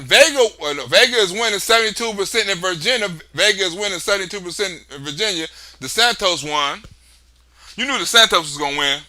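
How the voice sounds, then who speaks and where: A man riffing on a casual political livestream in a loud, excitable, profane way. His voice sits high and sounds sharp and very bright. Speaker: livestream host.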